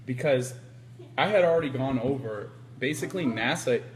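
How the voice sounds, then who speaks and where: A man's voice: mid-range voice, normal speed, a little hiss or hum. A man interviewing a guest on a casual live stream, telling stories and acting out what people said. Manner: animated storyteller, acts out quotes. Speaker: interviewer livestreaming. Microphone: handheld camera.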